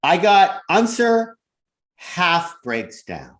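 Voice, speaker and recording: A man's voice: high-pitched, huge pitch swings, drawn-out words, fairly bright tone. A man co-hosting a podcast in casual chat, effusive and exclamatory. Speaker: podcast co-host.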